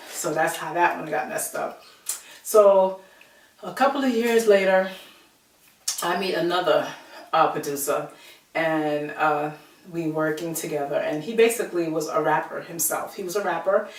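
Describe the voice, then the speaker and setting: A woman telling a personal story to her viewers in a chatty, animated way, acting out the people she quotes. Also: low-pitched. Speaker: vlogger. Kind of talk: casual storytelling to camera. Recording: roomy echo, from a distance.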